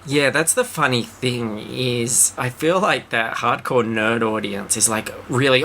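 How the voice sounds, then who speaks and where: Gravelly australian man ranting. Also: mid-range voice, bright, forceful tone, a little hiss or hum. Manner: ranty, swears, quick asides. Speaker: podcast co-host. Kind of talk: casual chat.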